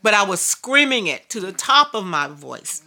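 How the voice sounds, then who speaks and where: A woman's voice: mid-range voice, big pitch swings, moderate pace, pushed and bright. A woman preacher telling a personal story in a sermon, emphatic and repetitive. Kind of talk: sermon testimony.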